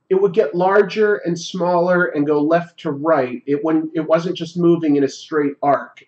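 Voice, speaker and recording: A man's voice: a little high, darkish tone, highs cut off. Rambling man telling a story on a livestream. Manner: rambling, reflective, halting. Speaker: livestream host. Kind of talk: casual storytelling while drawing on a livestream.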